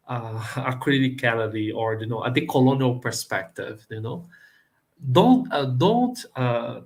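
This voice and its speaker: A man from Brazil with a Brazilian Portuguese accent, a professor answering questions in a live online talk, earnest and halting, with many fillers and restarts. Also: medium pitch, a bit bright. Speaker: plenary speaker, professor.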